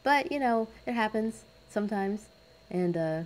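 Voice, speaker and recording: A woman's voice: mid-range voice, lively intonation, unhurried. A young woman in college chatting casually over her speed paint, rambling and self-deprecating with lots of fillers. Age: young adult. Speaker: artist narrating a speed paint.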